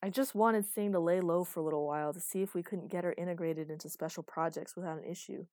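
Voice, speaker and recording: A man's voice: sits high, steady tone, quick pace, darkish tone, no room sound, natural voice. Woman voicing tense male official, irritated, exasperated, audiobook, dry close sound. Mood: agitated. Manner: agitated, exasperated.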